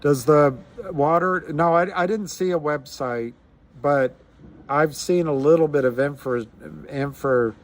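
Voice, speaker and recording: A man's voice: on the high side, unhurried. A man hosting a casual livestream, musing aloud in a rambling way with frequent restarts. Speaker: livestream host.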